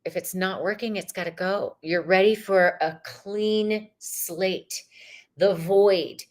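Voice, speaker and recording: A woman's voice: medium pitch, steady tone, slow. A woman hosting a live-stream tarot reading, talking casually and swearing freely as she reads viewers' questions aloud. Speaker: tarot reader.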